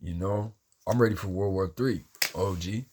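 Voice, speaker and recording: A man's voice: low voice, normal speed, background noise. A man talking in a casual, rambling monologue, agitated and heavy on profanity.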